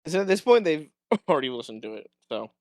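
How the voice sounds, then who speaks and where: A podcast co-host in casual chat, teasing in a deadpan way. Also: medium pitch, quick pace, no echo.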